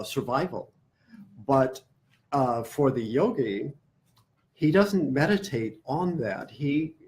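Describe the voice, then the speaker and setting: A man teaching meditation in a class, speaking deliberately and repeating words while he searches for the next one. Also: mid-range voice, darkish tone. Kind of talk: class lecture.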